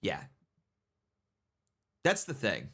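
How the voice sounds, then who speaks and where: A man's voice: low-pitched, huge pitch swings, extremely slow, fairly bright tone, breathy edge. A man hosting a livestream, giving casual, rambling commentary and mocking people, with many repeated "you know what I mean"s. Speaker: livestream host.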